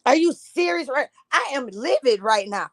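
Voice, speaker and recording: A woman's voice: high voice, animated, normal speed, no echo. A woman from Jacksonville, reacting to a news clip in a blunt, heated, profane rant. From Jacksonville, Florida.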